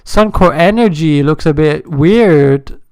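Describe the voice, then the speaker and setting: A man hosting a day-trading livestream, chatting and joking with viewers in an animated way. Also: a little high, takes it slowly, clear, resonant tone, dry recording, clean studio sound. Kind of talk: casual live-stream commentary.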